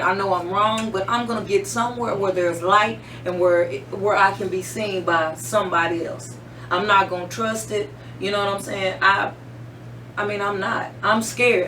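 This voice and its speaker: A woman's voice: medium pitch, a bit bright. Earnest woman hosting talk radio. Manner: earnest, halting, many fillers. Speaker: radio show host. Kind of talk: casual talk radio chat. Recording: roomy, distant mic with faint hum.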